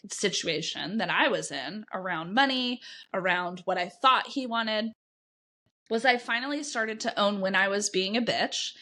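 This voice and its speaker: A coach with a medium-pitched, sharp-toned voice talks straight to her podcast audience in a solo monologue. Blunt and candid, she swears freely as she shares her own story.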